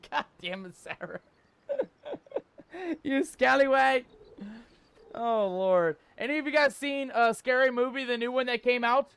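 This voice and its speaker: High-pitched playful pirate-talking male streamer. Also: clear, resonant tone, no echo. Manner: playful pirate-talk, reads game text aloud; laughs often, exclaims loudly. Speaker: streamer playing a game. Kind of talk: live-stream game commentary.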